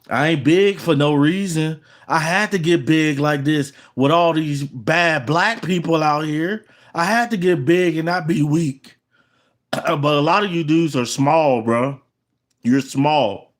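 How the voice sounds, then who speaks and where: A middle-aged channel host with an African American Vernacular English accent rants at his viewers in a boastful, threatening, repetitive monologue. His voice is fairly high and a little slow.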